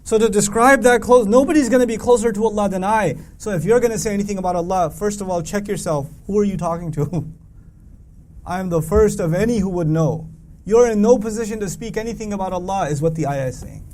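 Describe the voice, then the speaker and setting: Guy teaching a quran class, high-ish voice, fires off questions at the room, rattles off arabic quotes fast. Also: a little mellow, a little hiss or hum. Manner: emphatic, with rhetorical questions; recites Arabic verses quickly. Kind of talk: lecture to a live audience.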